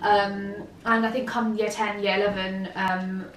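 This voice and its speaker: A young woman of twenty, chatting casually to camera as a vlog co-host, often pausing on filler ums. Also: mid-range voice, flat delivery. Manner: hesitant, many filler ums. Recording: roomy, distant mic, faint noise.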